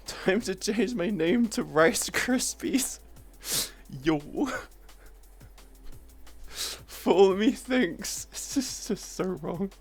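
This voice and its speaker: A woman's voice: medium pitch, expressive, drawn-out words, pauses often, breathy edge, soft background music. A woman streamer in casual livestream chat who laughs often and swears freely as she teases her friends.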